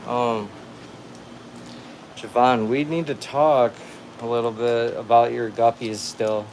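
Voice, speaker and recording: A man's voice: mid-range voice, steady tone, slow pace, a little mellow, slight background noise. A young man hosting a casual livestream from home, talking in a laid-back, rambling way full of slang. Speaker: livestream host. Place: at home with a cat. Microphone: phone livestream.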